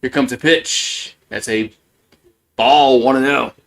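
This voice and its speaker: A man doing casual live play-by-play, rambling between pitches, repeating words and chuckling often. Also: steady tone, slow pace, vocal fry, a bit bright.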